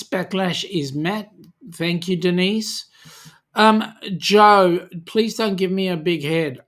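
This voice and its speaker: A man with an Australian accent hosts a relaxed live chat and reads out viewer comments. He talks slowly, breaks his sentences with "um", and welcomes each viewer warmly by name. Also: high-pitched. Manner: slow, friendly, with many "um"s, greeting viewers by name. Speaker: livestream host reading viewer chat.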